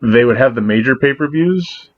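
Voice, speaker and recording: A man co-hosting a podcast, rambling in casual chat, profane, with animated asides. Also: mid-range voice, moderate pace, soft background music. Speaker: podcast co-host. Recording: dull lo-fi sound with faint noise.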